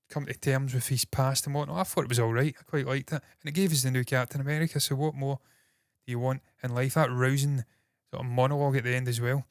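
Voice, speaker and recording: A Scottish man hosting entertainment news in casual solo commentary, talking fast with a slightly nasal voice, swearing freely and mocking himself. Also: medium pitch, no echo, studio quality. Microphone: processed with equalizers, compression and noise gate.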